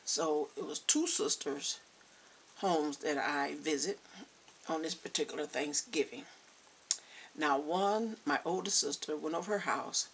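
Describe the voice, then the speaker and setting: A woman's voice: deep voice, a little slow, slight background noise. A woman, animatedly telling a funny story to her viewers. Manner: animated, addresses viewers as y'all. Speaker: vlogger. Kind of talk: casual storytelling.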